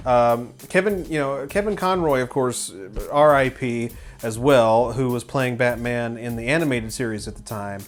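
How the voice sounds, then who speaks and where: A man's voice: mid-range voice, moderate pace, hardly any pauses, faint music behind. A man hosting a film review show, talking in a casual, rambling, opinionated way with many restarts. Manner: enthusiastic, opinionated.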